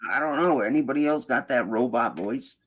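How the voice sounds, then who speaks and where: Profane, animated man ranting. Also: mid-range voice, brisk. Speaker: host. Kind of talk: casual group voice chat.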